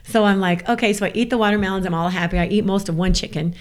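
A woman from the American South, a guest telling a story in casual chat, animated and laughing often. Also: medium pitch, rapid-fire.

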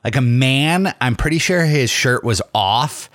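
A man's voice: mid-range voice, animated, unhurried, fairly bright tone, no room sound, studio quality. Profane young man on a podcast mic. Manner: loose, profane, joking. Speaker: podcast co-host. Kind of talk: casual podcast banter. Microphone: studio mic.

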